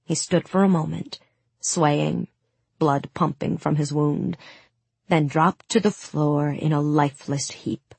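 A woman narrating a fantasy audiobook in the first person, with steady, dramatic storytelling on a close studio mic. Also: deep voice, slow, creaky, husky, no echo.

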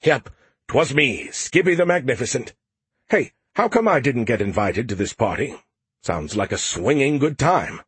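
A man's voice: medium pitch, sing-song, normal speed, a bit bright, husky, dry recording, voice pushed up, exaggerated voice. A man voicing a cocky, boastful male alien AI in an audiobook, teasing everyone he talks to. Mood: gleeful. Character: smug male alien AI in a beer can. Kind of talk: audiobook character voice.

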